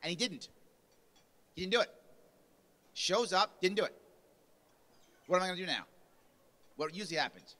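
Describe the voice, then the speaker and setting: A man with a high, pushed and bright voice gives a punchy motivational speech in a convention lunch hall at a party convention. He speaks at a moderate pace with long pauses, raising his voice as he acts out quotes.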